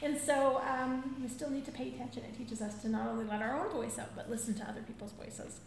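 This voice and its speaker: A high-voiced woman tells stories to a live audience in an animated way, often breaking into laughter. Her voice rings through a very echoey room with a faint hum of ambience behind it. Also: fast talker, gravelly. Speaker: storyteller and drum circle leader. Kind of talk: storytelling talk to a live audience.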